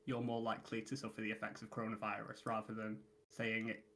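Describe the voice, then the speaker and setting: A British man hosting a podcast, asking casual, halting questions full of "like" and "um". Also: fairly low pitch, monotone, a bit bright. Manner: halting, filler-heavy questioning. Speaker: podcast host.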